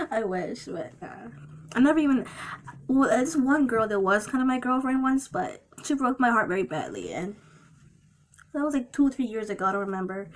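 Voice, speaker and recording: A woman in her twenties comments on a clip she is reacting to. Her voice sits fairly high. She repeats her reassurance tenderly and sounds close to tears, over a noisy home recording. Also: sing-song, fairly quick. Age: 20s. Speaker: reaction video host.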